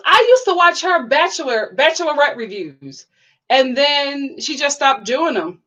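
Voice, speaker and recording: A young woman hosting a casual livestream, chatty and bubbly, full of "like" fillers and sudden excited high exclamations. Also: a little slow, muffled recording. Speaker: YouTube reality-TV reviewer reading live chat.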